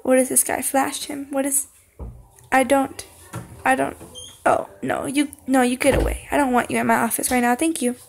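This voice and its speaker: A young woman playing a horror game, talking to the screen, singing along and yelling when scared. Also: high-pitched, little pitch movement, moderate pace, vocal fry, a little hiss or hum. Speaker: gaming channel host. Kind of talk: horror game let's play commentary.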